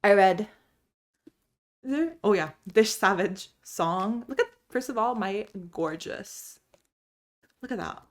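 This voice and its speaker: A chatty woman vlogging about books from home. She talks casually, bubbly and animated, telling stories and laughing easily. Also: medium pitch. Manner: animated storyteller. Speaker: book vlogger. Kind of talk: casual chat.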